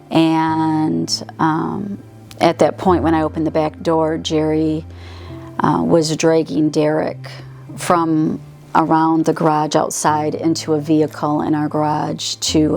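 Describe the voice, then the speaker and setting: A middle-aged woman from Michigan, a patient's mother, slowly and hesitantly retelling a painful family story in a documentary interview. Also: low voice, little pitch movement, gravelly, darkish tone, soft background music. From Michigan, USA. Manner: slow, hesitant, somber retelling.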